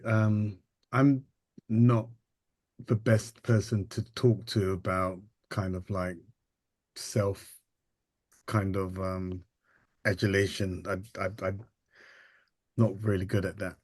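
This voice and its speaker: Brief: male guest, very deep voice, dry close mic, thoughtful and halting. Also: steady tone, darkish tone, no room sound. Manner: halting and reflective, many ums and restarts. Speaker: interview guest, photographer and artist. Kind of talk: casual interview storytelling.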